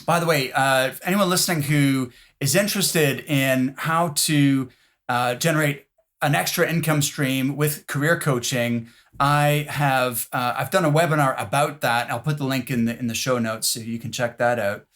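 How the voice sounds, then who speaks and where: A man hosting a podcast interview, speaking in a measured way with frequent filler sounds. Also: mid-range voice, a bit bright. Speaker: podcast host.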